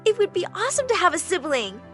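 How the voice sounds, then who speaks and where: Brief: woman storytime narrator, high voice, animated delivery, soft music under it. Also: quick pace. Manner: animated, acts out the dialogue. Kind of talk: first-person storytime narration.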